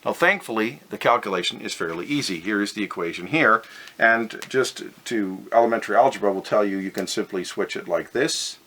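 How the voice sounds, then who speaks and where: Guy teaching physics slide by slide, lowish voice, kinda bright and punchy, careful step by step. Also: a little fast. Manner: methodical, step-by-step, stresses key words. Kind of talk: recorded lesson explaining over slides.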